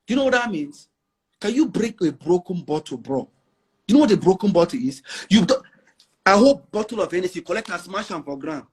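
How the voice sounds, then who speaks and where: Speaking briskly with big swings in pitch, this man has a high, slightly rough voice. A middle-aged Nigerian with a Nigerian accent, he's an interview guest in casual conversation, full of boasts and emphasis, blending in pidgin.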